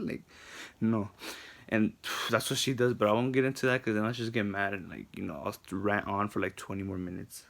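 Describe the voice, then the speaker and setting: A man's voice: on the low side, a little fast, creaky. A young man, a psychology student, giving a casual video response, ranting with frustration and filling his talk with "like". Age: young adult. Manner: animated, frustrated ranting with lots of "like".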